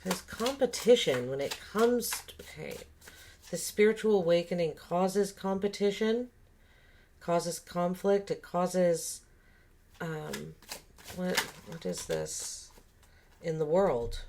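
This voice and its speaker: Low-voiced lady reading tarot cards, thinking out loud, bit of faint hiss behind. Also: slow pace. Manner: musing, thinking aloud with many fillers and restarts. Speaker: tarot reader. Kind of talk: casual spoken tarot reading.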